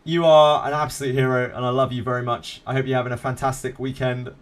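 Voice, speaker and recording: A man's voice: medium pitch, level tone, quick pace. Laid-back self-mocking gaming streamer man. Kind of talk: casual live-stream chat.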